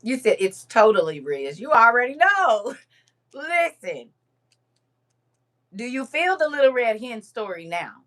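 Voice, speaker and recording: A woman hosting a casual livestream, reading viewer comments aloud in a lively, teasing way and laughing often. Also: fairly high pitch, measured pace, long pauses.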